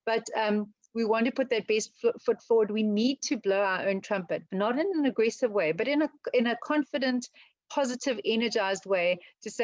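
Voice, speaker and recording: A woman with a South African accent giving an online talk on job interviews, speaking fast and chatty with many ums and restarts. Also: on the high side, no room sound, muffled recording. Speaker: webinar presenter on interview skills. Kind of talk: casual webinar talk.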